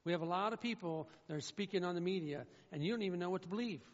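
A man's voice: sits high, very fast. A male pastor preaching a sermon in an earnest, emphatic way, repeating his key phrases. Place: church sanctuary. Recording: muffled sound in a reverberant church hall.

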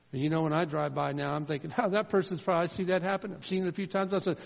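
Male pastor, gravelly voice, fervent sermon, long reverb, dull lo-fi sound. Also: fairly high pitch, fairly even intonation, fast talker, hardly any pauses. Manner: swings from loud fervent calls to quiet storytelling.

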